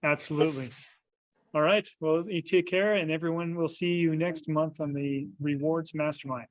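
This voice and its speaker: A man's voice: on the high side, steady tone, normal speed, dry recording, low-quality recording. A man hosting a podcast interview, friendly, wrapping up politely over a video call. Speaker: podcast host.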